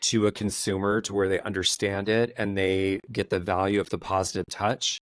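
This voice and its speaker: A man's voice: sits low, little pitch movement, normal speed, no room sound. A man hosting a podcast, chatting casually and animatedly in long run-on thoughts. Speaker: podcast host. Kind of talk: casual chat.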